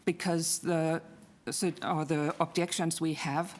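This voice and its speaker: A woman resident speaking at a public hearing, making an earnest, halting objection. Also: sits low, little pitch movement.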